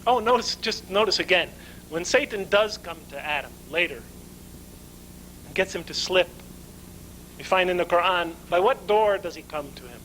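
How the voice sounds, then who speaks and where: High, bright-voiced male lecturer. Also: expressive, normal speed, slight background noise, low-quality recording. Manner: asks rhetorical questions and answers them himself. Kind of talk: conference lecture.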